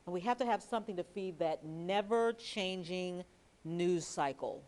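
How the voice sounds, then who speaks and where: A woman author and TV news reporter giving a library lecture, telling lively anecdotes with chatty asides and reading from her book. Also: fairly low pitch, measured pace.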